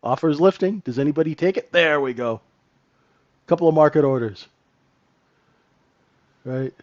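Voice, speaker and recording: A man's voice: a little high, normal speed, dry recording, highs cut off. Man calling trades live, casual. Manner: casual, thinking aloud over the charts. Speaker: futures trading room host. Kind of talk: live trading commentary.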